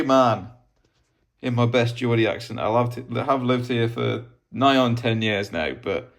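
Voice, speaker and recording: Man, casual vlogger, rambling, self-deprecating, lots of ums, mid-pitched voice. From Wales. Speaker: vlogger showing his map collection. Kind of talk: casual rambling show-and-tell.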